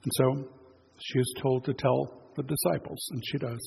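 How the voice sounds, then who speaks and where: A man's voice: medium pitch, little pitch movement, moderate pace, gravelly, darkish tone. Preacher man in an echoing church. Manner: conversational storytelling, retelling scripture in plain words. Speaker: pastor. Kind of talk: sermon. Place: church sanctuary. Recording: long church reverb, faint noise.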